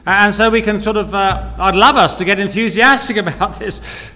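A man's voice: high voice, moderate pace, bright, forceful tone. A man preaching a sermon, earnest, repeating key phrases and asking rhetorical questions. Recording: long reverb of a hall.

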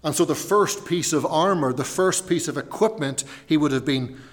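A man preaching a sermon, slowing down and repeating phrases for emphasis. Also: fairly high pitch. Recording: long reverb of a large hall.

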